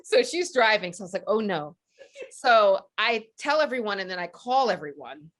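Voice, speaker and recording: A woman on a book panel telling an animated story, acting out the voices of her friends and laughing often. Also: mid-range voice, normal speed. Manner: lively, acts out quoted voices, laughs often. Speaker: panelist author.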